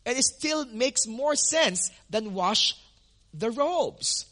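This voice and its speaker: A man's voice: extremely high pitch, animated, slow pace, pushed and bright. A male pastor teaching a sermon in an earnest way, repeating words for emphasis with frequent ums and restarts.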